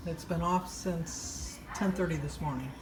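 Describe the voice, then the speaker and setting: Older woman, chatty daily vlog, lowish voice, easy storytelling. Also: unhurried, over music. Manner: chatty storytelling, laughs often. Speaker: vlogger.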